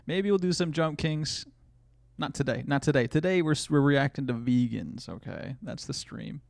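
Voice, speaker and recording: Gravelly joking male streamer. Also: on the high side, normal speed, darkish tone, no echo. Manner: joking, crude, laughs often, reads chat aloud. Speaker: streamer reacting to videos. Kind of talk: casual live-stream reaction commentary.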